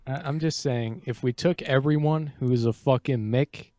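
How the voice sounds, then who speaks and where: A man in a group chat, speaking deadpan in halting, repeated starts. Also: mid-range voice, no room sound, clean studio sound.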